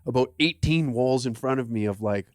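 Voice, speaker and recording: A man's voice: mid-range voice, normal speed, dry recording. A man hosting a casual comedy podcast, telling rambling, crude work stories close to the mic. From Canada. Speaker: podcast host.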